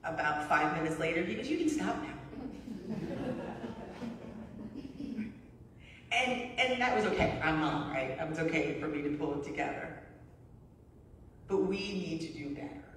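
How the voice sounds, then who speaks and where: A middle-aged woman preaches in a relaxed, storytelling way, checking in with the congregation by asking "right?" as she goes. Her voice comes from well away from the mic and rings through a long, echoey church hall with faint room noise behind it. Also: deep voice, normal speed, far from the mic. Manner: conversational, storytelling, frequent "right?". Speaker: pastor. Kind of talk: sermon. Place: church sanctuary.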